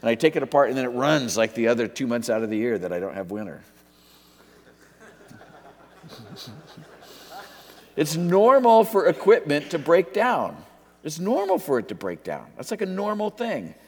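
A middle-aged man preaching in a relaxed, joking way, drifting off topic and then coming back. His voice sits in a middle register. It rings with the long reverb of a big hall. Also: medium pitch, normal speed, long pauses. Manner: casual, joking, wanders off topic. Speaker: pastor. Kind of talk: sermon.

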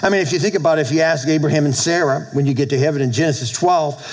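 A male pastor preaching a sermon to his congregation, animated, with call-and-response asides. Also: fairly high pitch, racing, rough recording. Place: church with a congregation.

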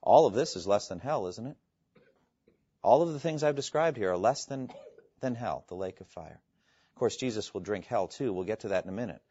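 A man preaching a sermon, earnest and emphatic, quoting scripture and pausing for effect. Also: fairly low pitch, expressive, dark tone, slightly rough, no echo. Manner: earnest, emphatic, with dramatic pauses and quoted scripture. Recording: dull lo-fi, dry sound.

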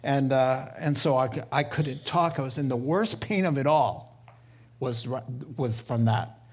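A middle-aged man preaching a sermon as pastor, telling stories with lively voiced quotes and laughter. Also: mid-range voice, measured pace, slightly rough.

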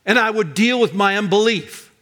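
An older pastor preaches in a high, bright voice at a moderate pace. His delivery is emphatic, rising into loud, ringing cries on the words he wants to hit hardest.

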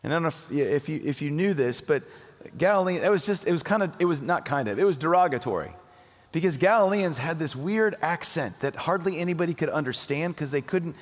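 A man's voice: a little high, in a large hall. A man preaching a sermon as a pastor, in an earnest, emphatic, conversational way.

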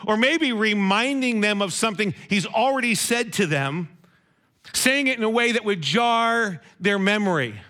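A man with a high, bright voice preaching a sermon. He keeps it conversational, turning to his listeners with questions as he goes. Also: lively intonation, moderate pace.

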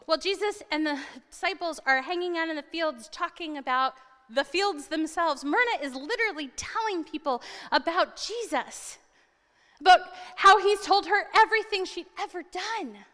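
Woman preacher telling the story big and dramatic, bright voice, echoey church hall. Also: very high voice, normal speed. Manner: animated, dramatic retelling with asides. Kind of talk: storytelling sermon.

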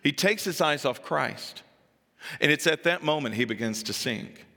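A male pastor preaching with a bright, forceful, somewhat high voice. He tells the story in a lively way, acting out each voice and rising to emphatic peaks. The sound carries a long reverb, as in a church hall. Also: normal speed, creaky. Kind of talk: sermon.

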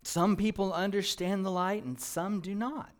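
A male pastor preaching a sermon in a church, moving from quiet, low passages to loud, emphatic ones. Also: steady tone, moderate pace. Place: church sanctuary.

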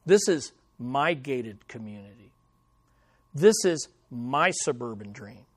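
A man's voice: very animated, slow, no echo. A man putting on a snarling mafia boss with a mock Italian accent. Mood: possessive. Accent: put-on Italian. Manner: low, snarling, possessive. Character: snarling mafia boss claiming his turf.

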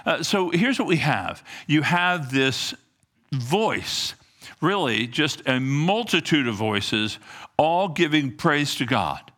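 A man's voice: fairly high pitch, big pitch swings, takes it slowly, a bit bright. A middle-aged man preaching a sermon in earnest, reading scripture aloud and often repeating himself. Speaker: pastor.

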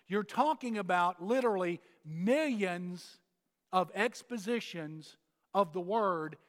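A man preaching a sermon in a high voice, pressing his points with repeated phrases and pauses. His words ring out with a long reverb, as in a large hall. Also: fairly bright tone. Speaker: pastor.

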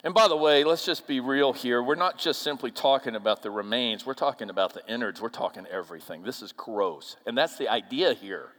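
A male pastor from the upper Midwest preaching a sermon, animated, swinging between loud emphasis and hushed asides. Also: medium pitch, brisk, hardly any pauses. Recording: long reverb of a church hall.

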